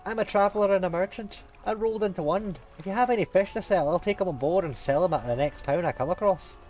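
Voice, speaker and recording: A man putting on a booming cheery merchant. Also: quick pace, a little mellow, natural voice. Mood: hearty. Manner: hearty and boisterous. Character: cheery male traveling merchant.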